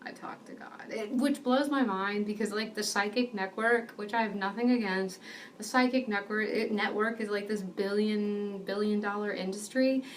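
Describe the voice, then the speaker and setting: A woman telling a personal faith testimony, in an earnest, animated storytelling manner. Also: mid-range voice, normal speed, recorded from a distance, a little hiss or hum. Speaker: ministry speaker.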